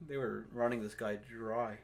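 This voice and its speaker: A man's voice: lowish voice, level tone, moderate pace, gravelly. A young man co-hosting a podcast who jokes around and chimes in on stories in casual chat. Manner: joking, chiming in on stories. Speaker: podcast co-host. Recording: faint background noise.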